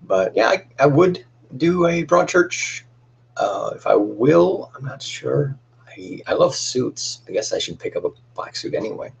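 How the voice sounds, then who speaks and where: A man's voice: medium pitch, big pitch swings, moderate pace, vocal fry, slightly rough. A young man hosting a casual cosplay livestream, chatting in a rambling, friendly way with lots of fillers and restarts.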